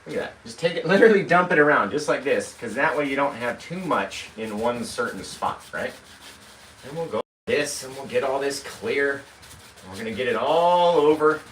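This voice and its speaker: A man's voice: mid-range voice, animated, normal speed, fairly bright tone. Upbeat man teaching painting live. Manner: upbeat, chatty, talks viewers through each step. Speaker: painting instructor. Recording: roomy, distant mic, faint noise.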